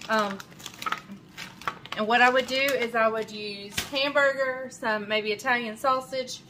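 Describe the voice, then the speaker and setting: A woman's voice: a little high, steady tone, a little slow, noisy background. A woman hosting her own cooking show from her home kitchen, chatting casually as she cooks, with plenty of fillers and self-corrections. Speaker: cooking channel host.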